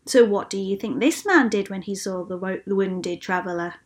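Woman reading as a gentle, patient Jesus. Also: medium pitch, moderate pace, close to an everyday voice. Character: calm kindly male teacher, patient and gentle.

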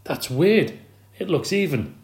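A man's voice: on the high side, very animated, measured pace, darkish tone, voice pushed up. An anxious young schoolboy from a storybook, fretting in a raised voice, as a man reading aloud puts him on. He sounds unsure of himself. The reading carries a roomy echo. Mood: worried. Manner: worried, uncertain.

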